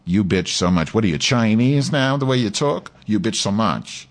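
A man's voice: mid-range voice, animated, normal speed, few pauses. A man hosting a live podcast, talking in a crude, profane, ranting way to his listeners. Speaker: podcast host. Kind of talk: live call-in podcast chat.

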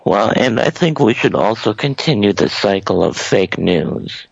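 A man riffing in a deadpan, mock-earnest way through an improvised comedy chat. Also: on the low side, measured pace, creaky, breathy edge, dry recording. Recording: dull lo-fi recording.

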